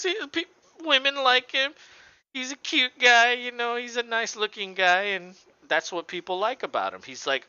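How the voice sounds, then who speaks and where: Profane, animated male sports podcaster. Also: high voice, normal speed, smooth, no echo, muffled recording. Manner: animated, profane ranting with mocking voices. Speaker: podcast co-host. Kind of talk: casual sports chat.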